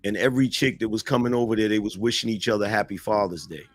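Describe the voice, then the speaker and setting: A man being interviewed, telling stories in a relaxed, slangy way. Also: fairly low pitch, fast talker, no echo, faint music behind. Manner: relaxed, slangy street talk. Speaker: interview guest, online commentator. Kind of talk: casual storytelling in an interview.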